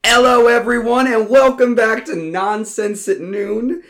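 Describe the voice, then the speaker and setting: A man voicing Ronnie, a stoned slacker podcast host who is loud, laughing and drawling. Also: very high-pitched, measured pace, voice pushed up. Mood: hyped.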